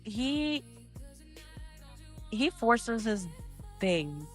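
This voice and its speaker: A woman's voice: fairly high pitch, big pitch swings, extremely slow, soft background music. A woman co-hosting a book club podcast, retelling a book in a casual, slangy way, full of "like" and laughter.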